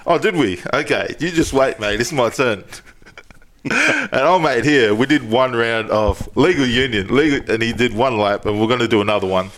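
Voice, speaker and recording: A man's voice: medium pitch, lively intonation, normal speed, a bit bright. A young man co-hosting a podcast, telling stories in loose casual chat and laughing often. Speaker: podcast co-host.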